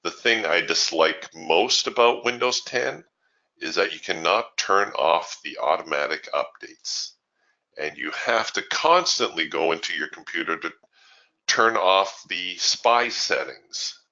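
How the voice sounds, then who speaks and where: A man's voice: low voice, lively intonation, a little slow, sharp tone, muffled recording. A man hosting a live trading webinar, chatting casually and with strong opinions as he answers viewer questions, laughing easily.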